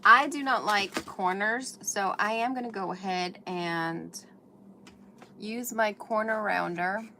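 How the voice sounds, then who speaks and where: Working with paper and glue at a brightly lit indoor craft table, a woman chats with viewers during a craft livestream. She speaks slowly in a medium pitch with a sharp tone, and a little hiss or hum can be heard.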